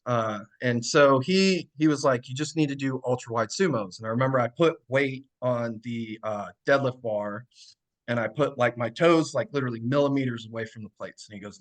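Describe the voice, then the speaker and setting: A man in his thirties, a podcast guest and strength coach, telling stories casually with lots of fillers. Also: medium pitch. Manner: relaxed, many fillers, laughs while telling stories. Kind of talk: casual storytelling.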